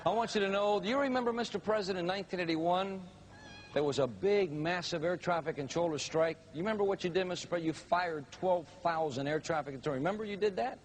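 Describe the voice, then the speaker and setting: A man's voice: sits high, fast talker, slight background noise. A man giving an emphatic, dramatic motivational speech, telling a story to a live audience. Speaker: motivational speaker.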